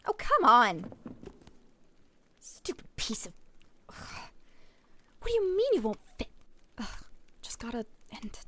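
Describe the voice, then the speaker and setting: A woman reading aloud the lines of a weary, sarcastic young woman game protagonist, in a dry, quiet, grumbling voice. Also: mid-range voice, expressive, normal speed, a little hiss or hum, lightly acted. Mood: irritated.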